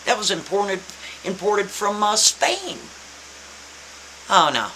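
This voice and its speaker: A man telling a story in a casual, animated, emphatic way, repeating his points. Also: high-pitched, moderate pace, rough recording. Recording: faint hiss.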